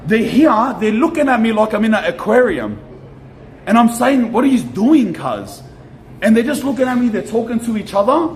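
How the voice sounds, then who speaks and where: A young Australian man tells a story on a vlog outside a shop, animated and slangy, swearing and repeating himself. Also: very high-pitched. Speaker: streamer. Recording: echoey with faint ambient noise.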